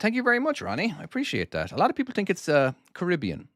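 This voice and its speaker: A man's voice: fairly high pitch, huge pitch swings, fast, pushed and bright, dry recording, studio quality. Chatty man, faded irish accent. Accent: Irish, softened by years in the US. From Ireland. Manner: rambling and chatty, talking to chat while driving. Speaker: game developer and streamer. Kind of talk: casual live-stream commentary while playing.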